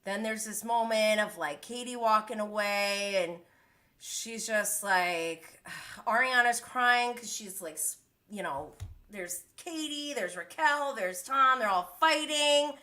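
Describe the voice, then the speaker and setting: Bright sharp-voiced woman in her 30s doing a fired-up live stream recap, exasperated, mimicking people. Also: medium pitch, takes it slowly. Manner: animated, exasperated, mimics the cast. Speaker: reality TV commentator.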